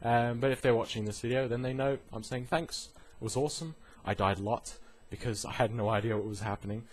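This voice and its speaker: A man rambles through a casual gaming vlog with a slightly husky, breathy voice. He laughs often and keeps breaking into mocking put-on voices, telling his stories loosely and for fun. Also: mid-range voice, steady tone, a little fast. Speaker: gaming vlogger.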